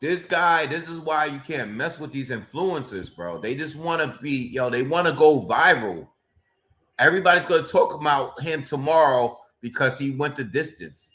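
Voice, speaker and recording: Man, livestream boxing commentator, exasperated ranting, lively pitch. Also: normal speed. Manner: exasperated, ranting, exclaims often. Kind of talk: live fight reaction commentary.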